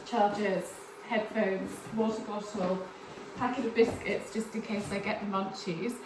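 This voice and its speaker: Middle-aged english woman vlogging, emotional, chatty, kinda gravelly voice, echoey room. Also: medium pitch, fairly even intonation, unhurried. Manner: chatty, emotional, often hushed. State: emotional, tearful. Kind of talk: casual vlog chat. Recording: echoey room, faint background noise.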